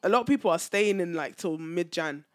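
A young woman co-hosting a podcast in casual chat, teasing and reacting loudly to stories. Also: fairly low pitch, expressive, brisk. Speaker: podcast co-host.

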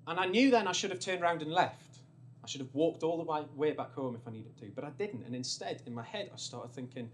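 A man's voice: fairly high pitch, very animated, normal speed, long pauses, a little hiss or hum. A young man doing confessional storytelling stand-up, candid and rambling. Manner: candid, rambling, sliding quieter as the story turns sad. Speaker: stand-up comedian. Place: comedy stage.

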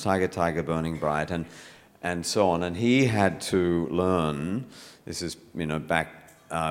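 Deep-voiced Australian man, hall reverb. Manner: reflective storyteller, many fillers and restarts. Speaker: poet speaking at a public talk. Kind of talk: conversational talk to a live audience. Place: university lecture hall. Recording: hall reverb, live event.

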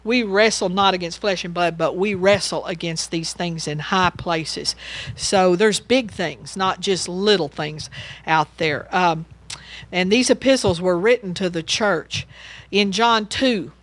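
A woman's voice: on the low side, unhurried. A woman giving a casual Bible teaching, rambling and chatty, and she laughs as she tells stories.

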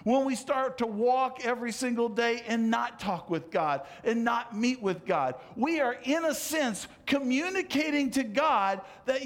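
A man with a high, bright-pitched voice preaches a sermon to his congregation. He is impassioned, pressing points with repetition and then dropping to quiet, earnest asides. He sounds middle-aged. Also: expressive, measured pace, hardly any pauses. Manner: impassioned preaching, swinging from loud emphatic calls to soft low asides. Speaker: pastor.

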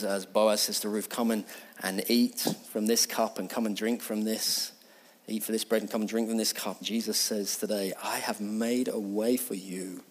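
A man preaching a sermon as pastor, building passion through repeated phrases and then sinking to a hushed, near-whispered prayer. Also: lowish voice.

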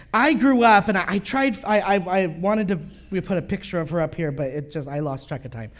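A man's voice: high voice, expressive, brisk, few pauses. A male pastor, preaching a sermon and telling stories with many fillers and restarts.

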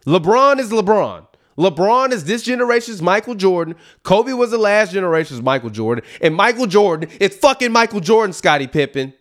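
A man hosting a sports podcast, ranting emphatically with lots of profanity and swinging between loud outbursts and low asides. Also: big pitch swings, brisk. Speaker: podcast host. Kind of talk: heated sports rant.

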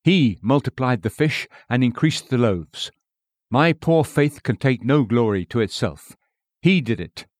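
A man's voice: medium pitch, expressive, measured pace, no echo, studio quality, natural voice. A man voicing a humble disciple. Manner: humble, reverent. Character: humble male disciple praising his master.

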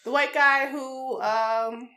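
A young woman co-hosting a podcast, telling stories in a playful, animated way. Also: high voice, slow pace, a crowd in the background. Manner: playful, animated storytelling with laughs. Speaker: podcast co-host. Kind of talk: casual chat.

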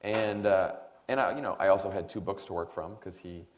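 A man in his thirties, a guest at a forum, telling a long anecdote in a lively way and acting out the other people. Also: deep voice, brisk, a little hiss or hum. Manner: animated anecdotal storytelling with quoted voices. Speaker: guest, former speechwriter. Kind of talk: storytelling in a forum conversation. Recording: dull lo-fi sound.

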